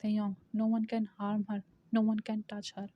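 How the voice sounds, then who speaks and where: A woman voicing a ruthless young male mafia leader in a storybook reading, in a flat, even way. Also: mid-range voice, moderate pace, lightly acted. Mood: cold. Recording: dull lo-fi recording.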